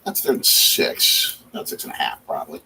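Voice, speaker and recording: A man's voice: extremely high pitch, wildly swooping pitch, moderate pace, gravelly, bright, forceful tone, slight background noise. A man from Wisconsin hosting a casual live chat over a football game from his home basement, reacting aloud to plays. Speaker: host.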